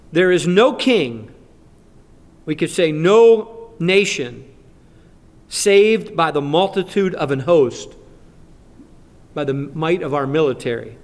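A man's voice: a little high, expressive, slow, pauses often, darkish tone. A man preaching a sermon in a conversational manner, rising to fervent emphasis when he reads Scripture. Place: church sanctuary. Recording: long church reverb.

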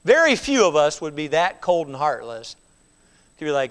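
A man preaching a sermon, moving between loud emphatic calls and hushed near-whispers, acting out voices and repeating key words in a steady rhythm. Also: a little high, normal speed, smooth, long reverb tail. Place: church.

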